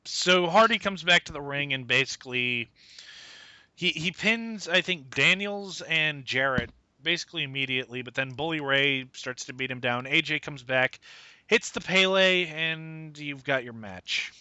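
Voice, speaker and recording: A man's voice: a little high, moderate pace, bright, forceful tone, clean tone, no room sound. A man co-hosting a wrestling review podcast, ranting emphatically at listeners. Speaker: podcast co-host. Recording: dull lo-fi podcast audio.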